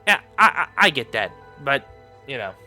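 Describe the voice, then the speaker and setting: A man giving casual reaction commentary, rambling and repeating himself with lots of fillers, and quick to laugh and get excited. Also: mid-range voice, soft background music. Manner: gets excited and laughs easily. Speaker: YouTube commentator.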